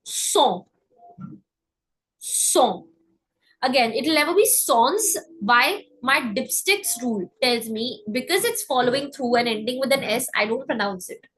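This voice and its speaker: A woman giving a live online French class, breaking words down and repeating them slowly, often checking in with "okay?". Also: high voice, animated, fairly bright tone, breathy edge, low-quality recording. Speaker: French teacher.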